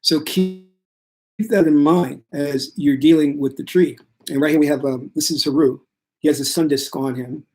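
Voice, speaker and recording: Calm man giving a spiritual talk. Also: fairly high pitch, normal speed. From United States. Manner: calm, steady, reassuring delivery. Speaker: spiritual teacher. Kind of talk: casual spiritual talk to viewers.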